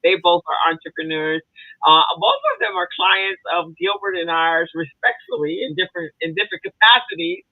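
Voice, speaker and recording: A woman's voice: fairly low pitch, normal speed, dry recording. A woman co-hosting a casual podcast chat, rambling and chatty, with many fillers and restarts. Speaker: co-host. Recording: tinny phone-like dry sound.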